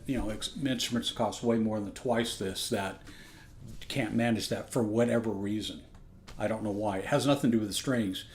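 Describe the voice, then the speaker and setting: A man giving a casual spoken ukulele review at home on a phone microphone, rambling and correcting himself with keen enthusiasm. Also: on the low side. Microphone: external phone microphone.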